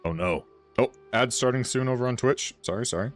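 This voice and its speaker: A man's voice: mid-range voice, fairly quick, faint music behind. A man streaming a game, chatting casually and rambling with his viewers. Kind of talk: casual livestream chat.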